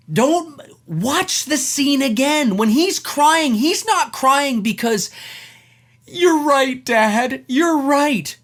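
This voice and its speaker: A man talks straight to camera in a heated opinion rant, his pitch leaping up and dropping low. He swears freely and slips into the voices of the people he quotes. His delivery is emphatic and restless, pushing each point hard. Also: a bit bright. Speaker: film commentator.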